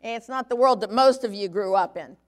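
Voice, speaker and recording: A woman's voice: on the high side, brisk. Woman giving a chatty Bible lesson. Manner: conversational teaching, frequent "okay?" check-ins. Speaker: Bible teacher. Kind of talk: sermon.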